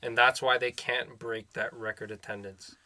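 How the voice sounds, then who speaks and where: A man co-hosting a casual sports podcast, relaxed, looking up and reading out facts. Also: medium pitch, normal speed. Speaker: podcast co-host. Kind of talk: casual chat.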